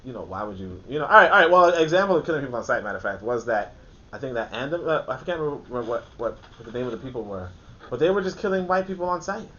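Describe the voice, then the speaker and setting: Casual male host, bright and forceful tone, rambling with fillers, muffled recording. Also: sing-song, fast. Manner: rambling, laughs often, many fillers and restarts. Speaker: host of a book discussion. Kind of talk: casual discussion. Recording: muffled, faint background rumble.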